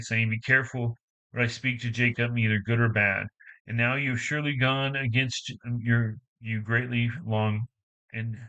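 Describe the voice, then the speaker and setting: A man reading scripture aloud in a halting way, restarting phrases and adding casual asides. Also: medium pitch, bright, forceful tone, lo-fi sound. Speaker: Bible reader and commentator.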